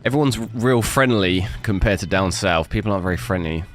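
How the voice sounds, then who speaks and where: A young Englishman with a low, deep voice and a southern accent carrying a hint of London, chatting loosely with stream viewers. He trips over his words and repeats them as he goes. Game music plays clearly behind him. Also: fairly quick. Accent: southern English with a London twang. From south coast of England. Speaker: gaming streamer. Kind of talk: casual live-stream chat with viewers.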